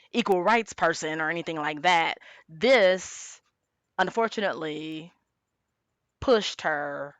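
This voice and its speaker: A woman's voice: deep voice, fairly bright tone, smooth, no room sound. A woman giving a casual tarot reading, talking chattily and with emphasis, sometimes acting out quoted lines. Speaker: tarot reader.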